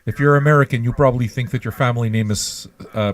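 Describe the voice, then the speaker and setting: A man's voice: mid-range voice, quick pace, few pauses. A man hosting an online radio show with a rambling, mocking, profane ranting monologue.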